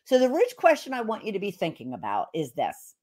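A woman's voice: medium pitch, wildly swooping pitch, a little fast, a little mellow, husky. A woman hosting an interview podcast, introducing her guest with effusive enthusiasm. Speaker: podcast host.

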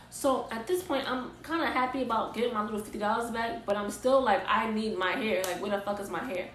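A young woman telling an animated, exasperated storytime vlog in casual slang. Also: a little high, brisk, few pauses, reverberant, slight background noise, rough recording. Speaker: vlogger.

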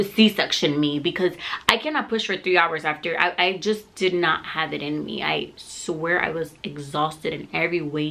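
A young adult woman vlogger telling a story in a candid, animated, casual way, cursing freely. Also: on the low side, gravelly.

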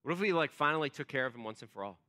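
A man's voice: medium pitch, lively intonation, rapid-fire, sharp tone, voice pushed down. A man voicing Joseph's older brothers, who plot in an offhand way full of fillers. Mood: scheming. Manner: offhand, filler-laden plotting. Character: Joseph's scheming older brothers, plotting casually.

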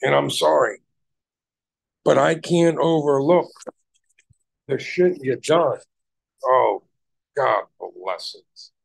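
A man's voice: medium pitch, slow pace, vocal fry, long pauses, husky. A man hosting a livestream, ranting heatedly at people in his chat and swearing heavily. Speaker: livestream host.

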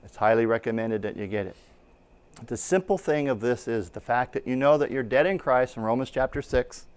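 A middle-aged pastor teaches at a Bible school in a conversational sermon style, acting out little anecdotes. His mid-range voice sounds clean and moves fairly quickly.

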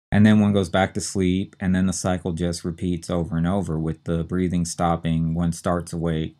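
Guy teaching medical terms real slow, low deep voice, spells stuff out letter by letter. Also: a little mellow. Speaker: instructor. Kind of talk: recorded medical terminology lecture.

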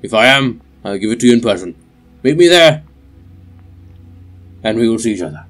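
A man's voice: fairly low pitch, animated, moderate pace, a bit bright, soft background music. A man voicing a tall, lanky, nervous bureaucrat who apologizes in a fussy way and snaps orders. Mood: officious.

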